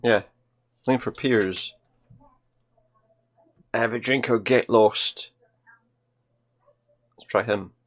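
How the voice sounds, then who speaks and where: A man's voice: mid-range voice, steady tone, takes it slowly, pauses often. A man giving casual let's-play commentary, thinking aloud and reading game dialogue as he plays. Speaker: video game player.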